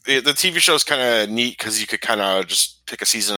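A man chatting casually about movies in a relaxed way, with lots of fillers. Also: on the low side, brisk, no room sound, poor audio.

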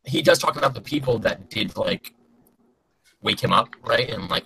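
A man's voice: fairly low pitch, moderate pace, creaky, sharp tone, low-quality recording. A man talking casually on a laggy video call, chatty and prone to trailing off and restarting. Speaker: podcast co-host. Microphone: home mic on a laggy video call.

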